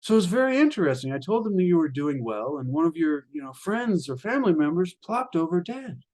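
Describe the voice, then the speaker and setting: A man's voice: a little high, sing-song, a little fast, darkish tone, pitched above the performer's own voice. A man doing a bewildered hunter. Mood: curious. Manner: exclaiming in disbelief. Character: bewildered adult male hunter.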